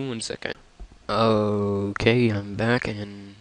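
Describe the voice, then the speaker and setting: Man voicing let's play commentary, lowish voice, rambling offhand asides, faint hiss. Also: fairly even intonation, moderate pace. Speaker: gamer.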